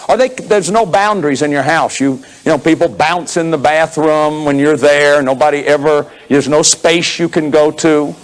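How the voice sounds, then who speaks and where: Animated man in his fifties lecturing. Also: on the high side, rough recording. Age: 50s. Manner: animated, acts out examples, laughs often; repeats words, restarts sentences. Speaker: therapist lecturing on inner child work. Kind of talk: lively lecture to an audience.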